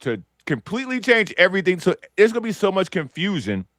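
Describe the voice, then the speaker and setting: A man argues on a sports talk podcast with a lively, swooping voice that climbs when he gets excited. He fires off rhetorical questions and answers them himself, recorded close and dry. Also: sits high, quick pace, no room sound. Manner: animated, rhetorical questions, hype. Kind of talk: casual sports debate.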